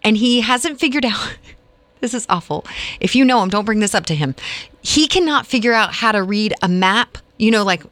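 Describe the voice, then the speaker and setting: A woman in her forties, co-hosting a morning radio show and telling a story in an animated, chatty way. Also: on the high side, normal speed, no echo. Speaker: radio co-host. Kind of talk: casual morning radio chat.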